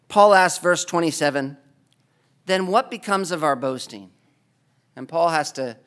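Male preacher, high bright voice, impassioned sermon delivery with pleading climaxes.

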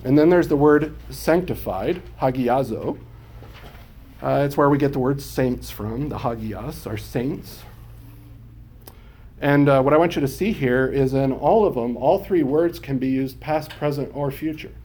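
Mellow-voiced male Bible teacher. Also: mid-range voice, a little slow. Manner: explanatory, checks understanding with questions. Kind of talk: classroom Bible lesson.

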